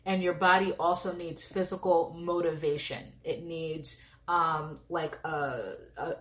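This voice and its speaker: Young female nutrition coach, informal and talkative, slightly lower pitch, fond of fillers and check-ins. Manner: chatty, informal, lots of "like" and "okay?". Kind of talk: casual educational talk to camera.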